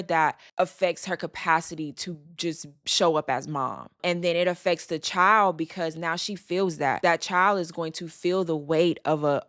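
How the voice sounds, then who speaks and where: A woman's voice: sits low, fairly bright tone, no echo, clean studio sound. A woman hosting a podcast, talking candidly and openly, pressing her points through repetition. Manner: openly vulnerable. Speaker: podcast host. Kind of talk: candid personal talk.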